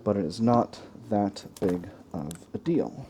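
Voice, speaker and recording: A man hosting a let's play, thinking aloud in a relaxed way as he plays a strategy game. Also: on the low side, takes it slowly, slight background noise. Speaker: gaming channel host.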